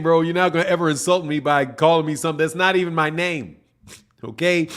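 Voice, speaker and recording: A man's voice: on the high side, a bit bright. A middle-aged man hosting a boxing channel, chatting loosely with his live viewers in slang and joking back at the comments. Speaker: boxing channel host reading live chat. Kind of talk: casual live-stream chat.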